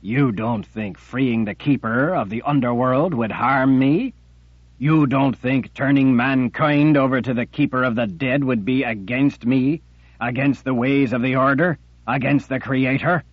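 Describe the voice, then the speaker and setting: A man voicing a menacing, gloating male emperor who speaks slowly and mockingly. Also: on the low side, dry recording, phone-quality sound. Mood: scornful. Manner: slow, mocking and threatening.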